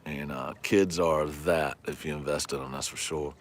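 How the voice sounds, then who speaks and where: A man's voice: very deep voice, fairly even intonation, moderate pace. A man, chatting and joking with viewers during a fishing livestream from a lake shore. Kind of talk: casual livestream chat. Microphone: phone camera.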